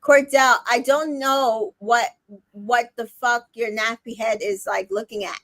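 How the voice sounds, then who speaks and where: A woman hosting a casual recap chat, animated and profane, acting out quotes from the show. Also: on the high side, a little slow, no echo, low-quality recording.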